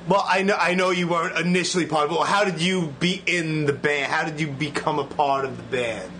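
A man hosts a loose, profane interview and laughs easily between questions. His voice is high and sharp, with faint hiss behind it. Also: brisk. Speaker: interviewer, podcast host. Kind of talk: casual interview chat.

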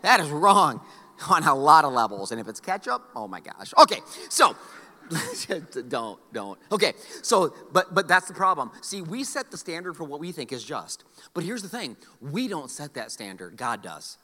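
A man's voice: a little high, sing-song, moderate pace, bright, forceful tone. A middle-aged male pastor preaching a sermon, telling stories with joking asides to the congregation. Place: large church hall. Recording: long hall reverb.

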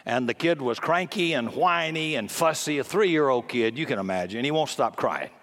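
A man preaching a sermon, emphatic and folksy, with loud peaks on key points and casual asides. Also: mid-range voice, lively intonation, normal speed. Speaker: pastor.

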